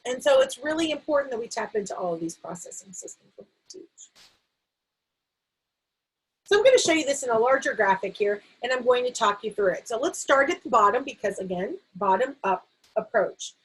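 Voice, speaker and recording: A woman's voice: on the high side, lively intonation, fairly quick, a bit bright, husky, low-quality recording. A middle-aged American woman, a literacy educator, explaining a teaching framework in an explanatory way with frequent fillers and restarts.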